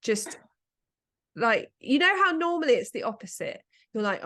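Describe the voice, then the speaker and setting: A woman's voice: medium pitch, normal speed. Chatty English woman telling funny stories. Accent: British English. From England. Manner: animated storytelling, laughs and swears freely. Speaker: podcast co-host. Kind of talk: casual chat.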